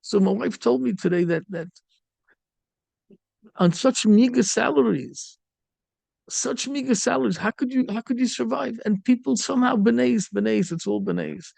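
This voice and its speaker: A middle-aged rabbi with a high, gravelly voice tells a story in a sermon, dropping Yiddish and Hebrew words as he goes. The sound is dry and close. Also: normal speed, a little mellow, no echo.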